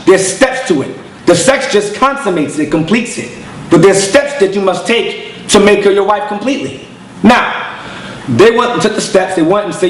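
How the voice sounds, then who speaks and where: A high-voiced man preaching to his congregation in blunt, emphatic street slang, acting out voices in his stories. The recording sits in a roomy, echoey space with a faint hum behind it. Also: lively intonation, normal speed. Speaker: congregation elder and teacher. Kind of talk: preaching lecture with storytelling.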